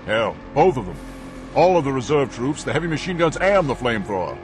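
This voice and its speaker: A man's voice: mid-range voice, very animated, brisk, noisy background, pitched above the performer's own voice, close to an everyday voice. A man narrating an audiobook, voicing a smug, languid male villain warlord with an arrogant drawl. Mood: commanding. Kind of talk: audiobook character voice.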